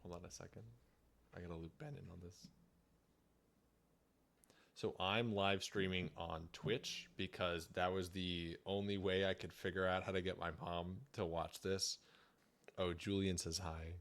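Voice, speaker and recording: A man's voice: sits low, level tone, measured pace, vocal fry, fairly bright tone. A young man giving a casual, jokey livestream presentation on his trip, chatty and laughing often.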